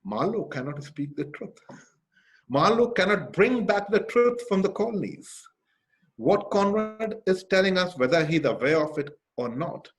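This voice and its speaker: A male lecturer giving a literature lecture. He speaks with emphasis, asks rhetorical questions, often checks in with "okay?", and restarts some phrases while he thinks. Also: on the high side.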